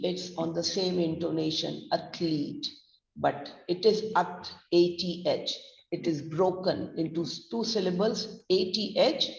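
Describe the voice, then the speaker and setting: In an online lesson, a woman with an Indian English accent teaches pronunciation, spelling words out letter by letter and explaining stress. Her voice is on the low side with vocal fry. The audio sounds dull, distant, and roomy.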